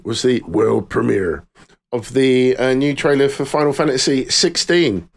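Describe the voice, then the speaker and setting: A man's voice: medium pitch, measured pace, creaky. A man hosting a casual gaming podcast, moving easily from one news item to the next. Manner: easygoing, moves through topics. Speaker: podcast host running the news segment. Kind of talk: casual chat.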